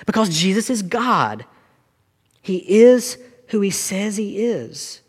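A man's voice: high voice, very animated, slow, slightly rough, big-room sound. A man, preaching a sermon to his congregation with earnest, rising and falling intensity. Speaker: pastor.

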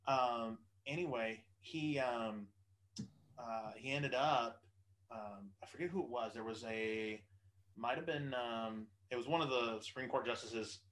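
A man's voice: mid-range voice, unhurried, fairly bright tone, rough recording. A man hosting a casual podcast chat, rambling and profane, with lots of ums and restarts. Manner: rambling, profane, with many fillers. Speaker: podcast host.

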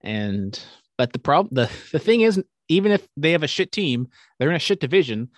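A man's voice: on the high side, big pitch swings, no room sound. A young man hosting a casual sports podcast, rambling and swearing freely as he goes through picks. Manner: rambling, profane, quick asides. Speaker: podcast host.

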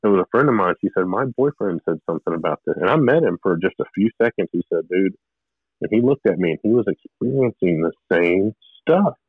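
Deep-voiced man, phone-like sound. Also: lively intonation, brisk, dry recording. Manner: rambling, with restarts and short laughs. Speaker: guest telling his testimony. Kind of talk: emotional personal storytelling.

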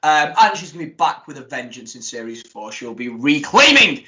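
Lively, animated podcast man. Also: a little fast. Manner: animated and jokey, with big swings in pitch. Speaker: podcast co-host. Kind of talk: casual podcast chat. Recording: dull lo-fi podcast audio.

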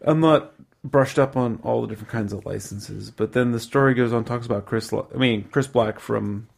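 Gravelly-voiced man chatting. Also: medium pitch, normal speed. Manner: rambling, self-correcting, laughs easily. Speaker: podcast host. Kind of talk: casual chat.

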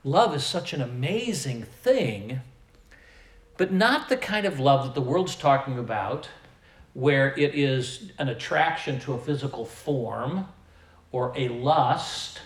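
A pastor from the American Midwest, mid-range in voice and lively in intonation, preaches slowly and emphatically. His loudness swells and drops, and the recording has a roomy quality.

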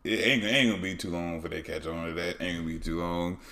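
A man's voice: sits low, steady tone, fast, bright, forceful tone. A man interviewing a guest in a comedy sketch, asking curious, laid-back questions. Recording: roomy echo.

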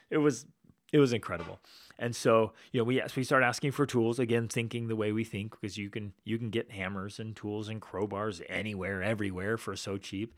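A man with a fairly low voice tells a personal story on his podcast. He talks casually and keeps slipping into the voices of the people he quotes. The recording is close and dry. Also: no echo. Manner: animated, acts out quoted people. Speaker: podcast host.

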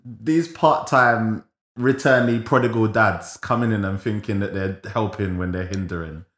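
A man's voice: fairly low pitch, moderate pace, a bit bright. Young guy, playful podcast chat, echoey room. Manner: playful, repetitive, laughing. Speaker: podcast co-host. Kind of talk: casual chat. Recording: roomy echo.

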